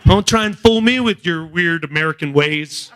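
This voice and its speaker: A male stand-up comedian from New Jersey, doing a profane, rapid-fire routine that acts out characters. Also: on the high side, a bit bright, slight background noise.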